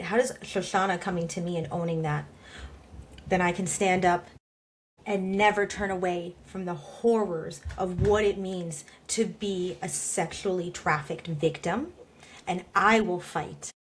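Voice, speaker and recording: A woman's voice: mid-range voice, fairly bright tone. Impassioned woman podcast co-host. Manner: earnest and impassioned. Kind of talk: podcast discussion.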